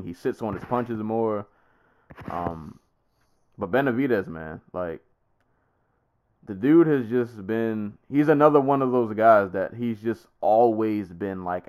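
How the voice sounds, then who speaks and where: A man's voice: on the low side, smooth. A man co-hosting a podcast, chatting casually about a fight in a rambling, easygoing way with lots of fillers and restarts. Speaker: podcast co-host. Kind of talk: casual sports chat.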